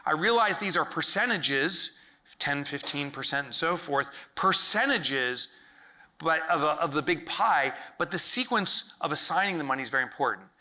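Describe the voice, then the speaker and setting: A man giving a comedic keynote talk to a live audience, acting out little voices and shouting punchlines. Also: on the high side, moderate pace. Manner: animated, acts out silly voices, shouts punchlines. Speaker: keynote speaker. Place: large event hall with live audience.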